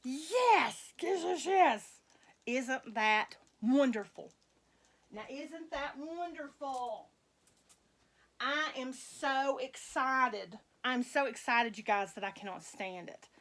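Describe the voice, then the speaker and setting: A middle-aged woman, chatting with viewers in a slow, folksy, rambling way and laughing often. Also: sits high, fairly bright tone. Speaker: vlogger dressing reborn dolls. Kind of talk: rambling casual chat to viewers.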